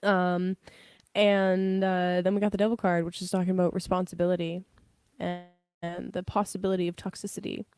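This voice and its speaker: A woman's voice: fairly low pitch, level tone, normal speed, a little mellow, clean tone, no echo. A young woman giving a casual live tarot reading, chatty, laughing often and swearing freely. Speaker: tarot reader.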